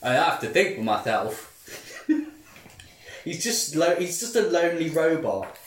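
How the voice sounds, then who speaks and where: A man's voice: a little high, big pitch swings, measured pace, a little hiss or hum. Guy cracking dry jokes, kinda far from the mic, echoey. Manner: wry, joking asides. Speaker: podcast co-host. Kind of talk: casual chat.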